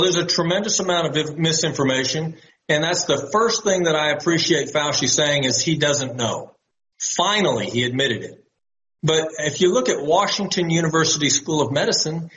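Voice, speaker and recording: Measured male doctor on a dull line. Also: a little high, fairly bright tone. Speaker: doctor guest. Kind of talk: interview talk. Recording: dull lo-fi line with faint hiss.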